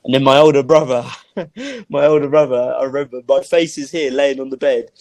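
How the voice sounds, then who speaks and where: A man's voice: medium pitch, fairly even intonation, fast talker, a little mellow, no room sound. A man telling a personal story as a podcast guest, in a vivid, dramatic way that acts out sounds and his own thoughts. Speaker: motivational speaker, podcast guest.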